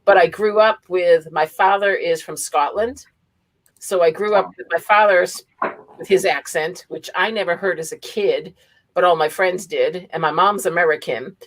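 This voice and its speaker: A woman's voice: fairly low pitch, normal speed, poor audio. A woman from Massachusetts with a Boston accent, hosting a casual livestream chat, laughing often and reading viewer comments aloud. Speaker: livestream host.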